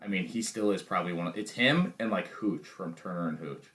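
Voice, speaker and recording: A man's voice: sits low, brisk, fairly bright tone. A young man co-hosting a podcast in casual, joking chat with crude humor. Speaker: podcast co-host.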